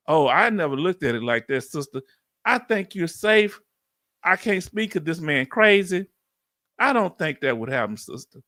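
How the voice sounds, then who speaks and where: Middle-aged Southern man, high voice, dry sound, easygoing livestream host answering chat. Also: sing-song, moderate pace, pushed and bright, no room sound. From United States. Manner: casual, conversational, laughs often. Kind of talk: live Q&A, reading and answering chat comments. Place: Texas.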